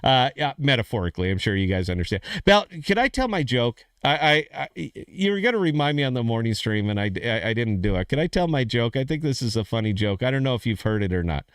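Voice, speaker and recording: A man's voice: medium pitch, big pitch swings, quick pace, hardly any pauses, clear, resonant tone, dry recording, clean studio sound. Rambling, easygoing male stream host. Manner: rambling, repeats himself, calls people "dude" and "man". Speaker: podcast host. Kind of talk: casual live-stream chat. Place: studio in front of a green screen.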